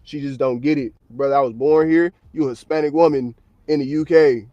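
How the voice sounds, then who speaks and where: A man's voice: on the high side, fairly even intonation, a little fast, warm tone, no room sound, muffled recording. An American man livestreaming from his parked car at work, chatting casually in a blunt, slang-heavy, profane way. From United States.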